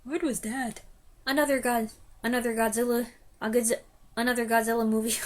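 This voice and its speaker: These are outtakes from a young woman's film reviews, full of stumbles, restarts, and self-directed laughter. Her voice is slightly high and level, and her delivery fairly quick.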